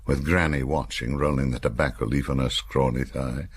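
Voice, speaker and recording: A man's voice: rumbling low, fairly even intonation, normal speed, slight background noise. An older man from Cumbria, reading his own memoir as an audiobook with wry, dry-humoured storytelling.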